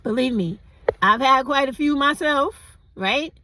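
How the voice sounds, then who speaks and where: A woman's voice: sits high, measured pace, pushed and bright, a little hiss or hum, low-quality recording. A middle-aged woman, talking bluntly and preachily in a casual, profane opinion monologue. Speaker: commentary vlogger.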